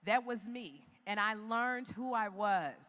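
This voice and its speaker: Taking it slowly at a medium pitch, a bit bright, she delivers a motivational keynote in a large arena, and a long reverb tail follows her words. The Chicago woman tells her story emphatically, in the manner of a preacher.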